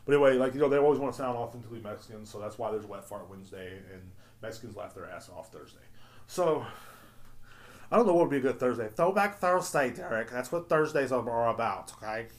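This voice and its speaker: Loud, profane man ranting. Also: medium pitch, expressive, fast. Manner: profane, rambling, loud and yelling. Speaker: podcast host. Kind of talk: casual solo podcast rant.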